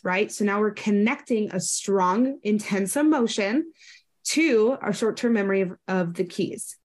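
A woman's voice: mid-range voice, unhurried. A woman in her thirties in a casual educational chat, explaining ideas and briefly acting out quoted voices.

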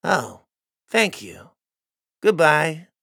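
A man voicing a scheming, irritable woman who runs a music studio, with a creaky, husky voice. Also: on the high side, big pitch swings, drawn-out words, bright, forceful tone, no echo, voice pushed up, heavily acted. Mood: curt. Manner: irritable, greedy and smug. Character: scheming flashy female studio boss.

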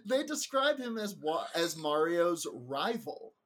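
A man's voice: a little high, big pitch swings, takes it slowly, fairly bright tone. A man hosting a comedy podcast, joking and laughing often, trailing off with fillers. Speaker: podcast host. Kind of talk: casual comedy chat.

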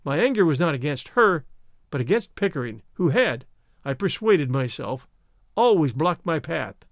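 A male audiobook narrator reads an old novel with expressive, dramatic delivery. His pitch is somewhat high and swings lively up and down. The recording is close and completely dry, with no room sound. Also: moderate pace, no echo. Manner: expressive, voices the characters' quarrels. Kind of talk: scripted narration of a classic novel.

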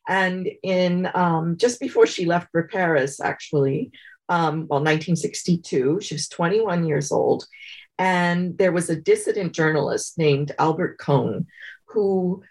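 A woman, a guest author, telling stories in a relaxed interview, pausing often and thinking aloud with fillers. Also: lowish voice. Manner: thoughtful, many pauses and fillers. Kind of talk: conversational interview storytelling.

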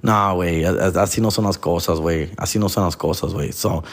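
Los comedian, lower voice, heated slangy rant with Spanish mixed in. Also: male voice, quick pace. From Los Angeles. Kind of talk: profane casual rant.

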